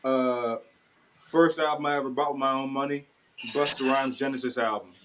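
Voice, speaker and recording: A man making beats who chats casually about his influences, talking haltingly and pausing on "uh". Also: medium pitch, steady tone, a bit bright, slight background noise, poor audio. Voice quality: halting, fills with "uh" and restarts. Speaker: beatmaker. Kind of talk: casual hip-hop chat.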